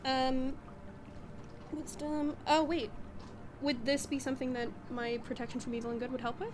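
A woman's voice: high-pitched, level tone, moderate pace. A woman player in a tabletop game, blunt and direct in and out of character. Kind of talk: casual tabletop play and in-character talk.

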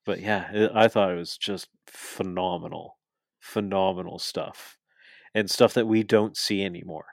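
A man co-hosting a podcast, excitedly recapping wrestling in casual, profane chat and laughing as he goes. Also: low voice, measured pace, gravelly, no echo, clean studio sound. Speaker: podcast co-host.

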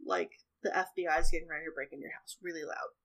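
A woman's voice: low voice, steady tone, quick pace, a bit bright, poor audio. A woman narrating a tabletop role-playing game as game master, chatty and rambling, often laughing.

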